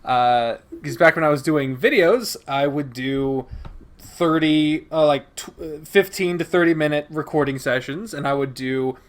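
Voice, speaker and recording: A man's voice: on the high side, a little slow. A man chatting casually as a podcast guest, rambling and swearing, laughing often. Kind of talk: casual chat.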